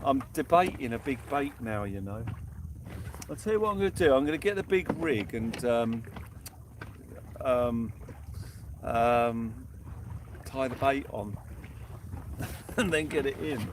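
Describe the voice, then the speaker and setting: Chatty man, slow, noisy outdoors. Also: medium pitch, animated. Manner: sings snatches of songs between chat; greets viewers by name. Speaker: fishing livestream host. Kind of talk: casual live fishing stream chat. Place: outdoors on the shore at night.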